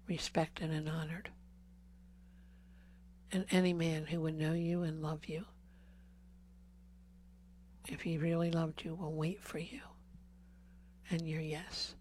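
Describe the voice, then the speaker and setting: Slow earnest woman preaching, flat tone. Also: low voice, slight background noise. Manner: slow and earnest, drops to whispers on key words; pleading repeated questions. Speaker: speaker at a healing service. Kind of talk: Catholic talk to a congregation.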